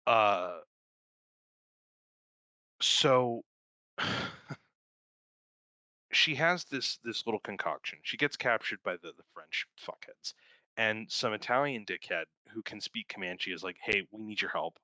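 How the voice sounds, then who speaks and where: A young man co-hosting a podcast, casually reviewing a film in a rambling, profane and excited way and laughing often. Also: on the low side, takes it slowly, pauses often, dry recording. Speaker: podcast co-host.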